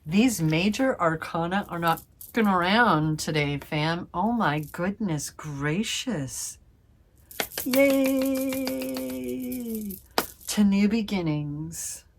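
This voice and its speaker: A woman's voice: fairly low pitch, lively intonation, extremely slow, noisy background. A woman giving a casual tarot reading to her viewers, gushing and effusive, calling them fam and swearing playfully. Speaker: tarot reader.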